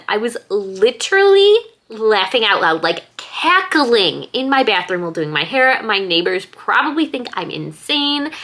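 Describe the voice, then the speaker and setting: A young woman in a casual home vlog, gushing excitedly about a book she loves, full of "like" and "oh my God.". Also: medium pitch. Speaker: book vlogger. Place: at home, bathroom after shower.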